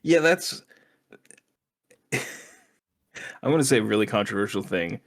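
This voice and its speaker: A man's voice: lowish voice, lively intonation, takes it slowly. A young man co-hosting a podcast in casual chat. He laughs often and swears freely. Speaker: podcast co-host.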